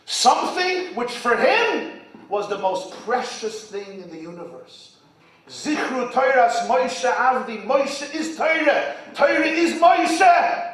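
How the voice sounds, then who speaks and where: A rabbi giving an impassioned sermon at an event, swinging from shouts to near-whispers and using Hebrew and Yiddish terms. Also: male voice, sits high. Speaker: rabbi and speaker. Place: event hall. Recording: echoey hall from far off.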